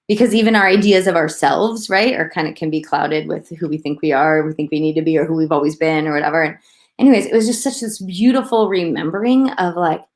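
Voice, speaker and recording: A woman's voice: lowish voice, fairly quick. Chatty, rambling woman co-host. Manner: animated, rambling, laughs often. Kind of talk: casual chat.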